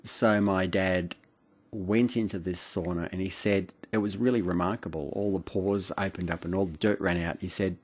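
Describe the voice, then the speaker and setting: An Australian man, middle-aged, reminiscing late at night at home in a rambling, hesitant way with many fillers and soft chuckles. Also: low voice, steady tone, normal speed. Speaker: vlogger. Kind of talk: late-night reflective monologue.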